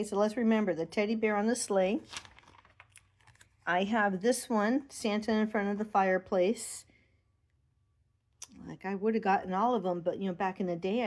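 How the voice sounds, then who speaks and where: A middle-aged woman who is an Avon representative chats fondly by her Christmas tree at home in a casual vlog, thinking aloud while showing her ornaments. Her voice is mid-range and a little mellow.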